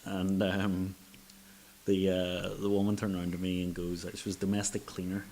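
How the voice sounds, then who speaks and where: A man with a very deep voice hosts a casual chat, swearing freely as he tells his stories. A faint hiss runs under the recording. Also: normal speed. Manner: sweary, animated storyteller. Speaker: podcast host.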